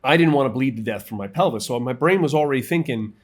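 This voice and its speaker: A middle-aged man telling a personal war story in vivid, halting bursts, acting out what others said. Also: mid-range voice, lively intonation. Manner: vivid, halting retelling with quoted voices and restarts. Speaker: guest, military veteran.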